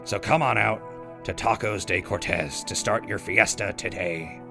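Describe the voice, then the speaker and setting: A man's voice: fairly low pitch, unhurried, creaky. A man voicing a sardonic male ghoul radio host who reads ads and adds dry, wry asides. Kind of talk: scripted radio DJ patter. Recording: radio show with music behind.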